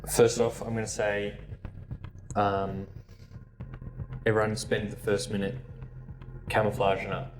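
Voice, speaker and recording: A man's voice: fairly low pitch, level tone, unhurried, pauses often, rough recording. An Australian man playing a tabletop game, casually describing what his character does. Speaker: player.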